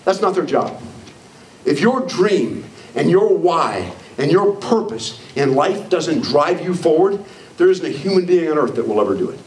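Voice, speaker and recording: A high-voiced older man lectures with preachy force, acting out the voices he quotes. He was recorded from a distance in a big echoing hall. A faint hiss runs underneath. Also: very animated, normal speed. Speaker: motivational speaker. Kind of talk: live leadership training talk. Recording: echoey hall, far from mic, faint noise.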